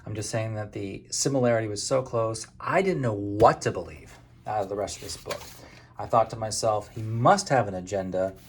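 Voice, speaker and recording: Man, from Maine, casual book review, low voice, gravelly, hesitant. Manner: conversational, hesitant with fillers.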